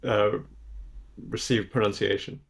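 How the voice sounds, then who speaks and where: Podcast host guy, lowish voice, lots of uhs and ums, laid back chat. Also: level tone, measured pace, vocal fry, husky. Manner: hesitant, many fillers. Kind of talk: casual interview chat.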